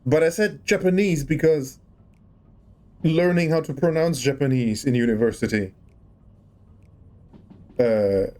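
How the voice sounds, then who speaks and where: A man's voice: mid-range voice, unhurried, pauses often, a little mellow. A man casually chatting on a livestream while playing a game, musing and rambling as he tries out rolled R's. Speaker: game streamer.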